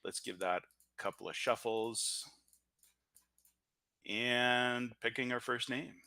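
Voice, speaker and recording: A man's voice: medium pitch, takes it slowly, pushed and bright, clear, resonant tone, no echo. A man with a Canadian accent hosting a live-streamed lottery draw, chatty and joking as he talks. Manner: chatty and joking, thinks aloud with fillers. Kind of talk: upbeat live-stream commentary. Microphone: audio-only stream mic.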